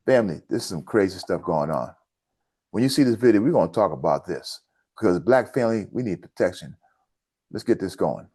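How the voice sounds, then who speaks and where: A man's voice: low-pitched, lively intonation, fairly quick, mellow, husky. A man hosting a commentary show, speaking with indignation and addressing his listeners as family. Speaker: host of a news commentary channel. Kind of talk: impassioned commentary addressing viewers.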